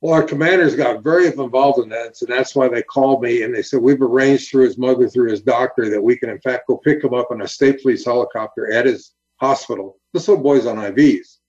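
A man and former highway patrol officer telling a story in an interview, earnest and animated, acting out the quotes. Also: a little fast, few pauses, highs cut off.

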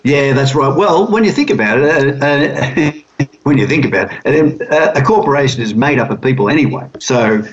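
A man speaking as a guest on a business radio interview, explaining his ideas in a thoughtful, halting way with many fillers. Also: medium pitch. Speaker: guest, business consultant and author. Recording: dull lo-fi radio recording.

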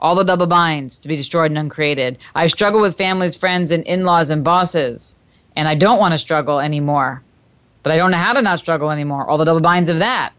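A woman's voice: sits low, a little fast, muffled recording. Woman host chanting emphatic repeated phrases. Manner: addresses listener tenderly as "my dear". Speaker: radio talk show host. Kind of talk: call-in radio self-help coaching.

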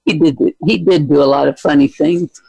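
A man telling animated family stories in casual conversation. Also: on the high side, moderate pace, vocal fry, dry recording, poor audio. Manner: animated storyteller. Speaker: family friend visiting. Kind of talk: casual storytelling among family.

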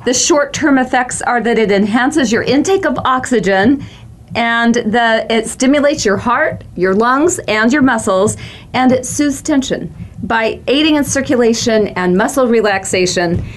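A woman's voice: on the high side, unhurried. A middle-aged woman hosting a talk show, chatting conversationally with her guest. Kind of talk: casual chat.

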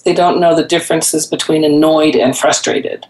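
Low-voiced woman hosting a chat. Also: fairly even intonation, moderate pace, a little mellow, reverberant, rough recording. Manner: conversational, giving parenting advice. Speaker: host. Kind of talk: casual chat.

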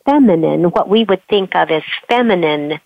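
A woman voice coach being interviewed, talking expressively and sometimes showing pitch changes with her own voice. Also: expressive, normal speed, vocal fry, no room sound, dull audio. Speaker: voice coach guest. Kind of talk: remote interview conversation.

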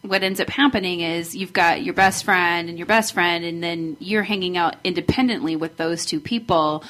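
An adult woman guest giving advice to teens in a relaxed, reassuring chat. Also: lowish voice, moderate pace, a little hiss or hum, rough recording. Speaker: guest expert.

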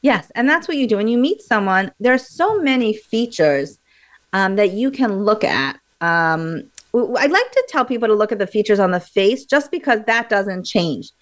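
A woman guest on a radio interview, explaining memory techniques in a lively, animated way with frequent fillers and restarts. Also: mid-range voice, moderate pace.

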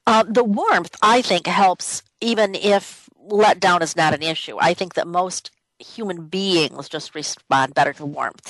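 A woman's voice: medium pitch, no room sound, poor audio. A woman hosting a radio talk show from her office, speaking conversationally and repeating her key points for emphasis. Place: home office.

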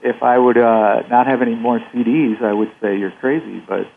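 A man's voice: mid-range voice, flat delivery, moderate pace. A man speaking as an upbeat guest on a panel discussion, with frequent fillers. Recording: tinny phone line with faint noise.

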